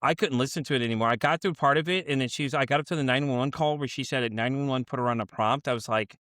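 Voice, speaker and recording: Fast-talking male podcast host. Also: mid-range voice, no room sound, clean studio sound. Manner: animated storytelling, acts out quotes, swears freely. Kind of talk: casual podcast chat.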